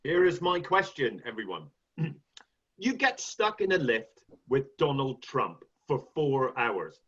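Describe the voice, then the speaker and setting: A man's voice: medium pitch, very animated, slow pace, a bit bright, slightly rough. A man on a comedy quiz panel, joking in a playful, mock-earnest way, on a dull lo-fi recording. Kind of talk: comedy panel podcast chat. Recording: dull lo-fi sound.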